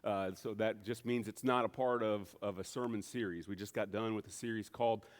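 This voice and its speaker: A man in his forties preaching a casual sermon in a church, telling stories in a relaxed, self-deprecating way with plenty of fillers. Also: on the low side, a little fast. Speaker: pastor. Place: church sanctuary.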